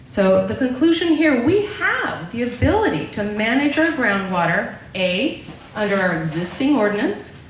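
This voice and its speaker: A woman's voice: on the high side, sing-song, moderate pace. A woman giving a prepared public talk, explaining a ballot measure and often checking in with her listeners. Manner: explanatory, keeps checking in with "okay?". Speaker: local speaker presenting on a ballot measure. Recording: very echoey room with faint background noise.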